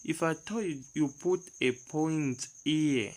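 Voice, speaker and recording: A man's voice: on the high side, slow pace, darkish tone, low-quality recording. A man teaching a math lesson step by step, reading numbers aloud and asking the class rhetorical questions.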